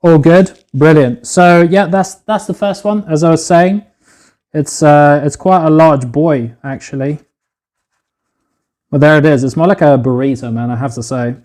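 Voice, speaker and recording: A man with a fairly high, slightly mellow voice chats in an unhurried way as he cooks on a phone live stream from his home kitchen. He swears freely and keeps calling his viewers "boys."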